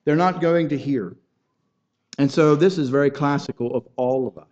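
A man's voice: on the high side, normal speed, a little mellow. Earnest preacher man, dull lo-fi sound. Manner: earnest, building in intensity with rhetorical questions; repeats words and restarts phrases. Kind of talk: sermon.

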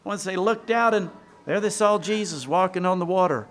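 A man with a high voice preaches a sermon, telling scripture as a lively story. He keeps asking his listeners questions and answering them himself. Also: moderate pace.

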